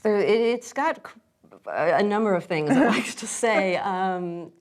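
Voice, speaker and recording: A woman's voice: mid-range voice, lively intonation, a little slow. A woman taking part in a coaching session as the client, hesitant and self-conscious, often laughing.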